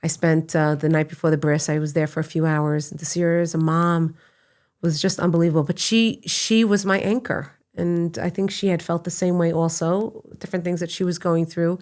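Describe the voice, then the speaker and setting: A middle-aged woman, a podcast guest, telling personal stories in a casual, animated way that breaks into laughter. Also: lowish voice, normal speed. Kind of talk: casual conversational storytelling.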